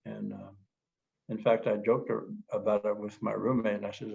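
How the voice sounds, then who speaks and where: A man's voice: on the low side, flat delivery, moderate pace, creaky, darkish tone, muffled recording. An older man co-hosting a show, talking candidly and reflectively, often laughing at himself. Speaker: co-host. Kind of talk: reflective casual talk.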